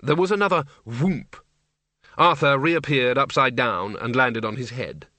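A man reading a novel aloud in measured, dry scripted narration. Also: mid-range voice, bright, forceful tone, no echo. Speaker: audiobook narrator.

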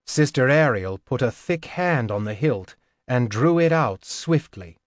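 A man narrating a fantasy audiobook in a measured, steady reading on a close mic. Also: mid-range voice, no room sound. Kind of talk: scripted narration.

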